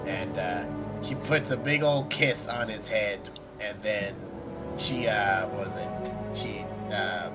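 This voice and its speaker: A man's voice: fairly low pitch, slow, over music, rough recording. A man playing a tabletop game, talking hesitantly and casually. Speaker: player.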